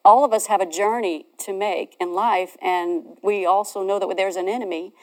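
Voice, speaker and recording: A middle-aged woman co-hosts a Christian television talk show, speaking in an earnest, testifying way. Her voice sits at an ordinary middle pitch, and she moves easily between personal story and scripture. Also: fairly even intonation, normal speed, poor audio. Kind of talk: faith talk show conversation.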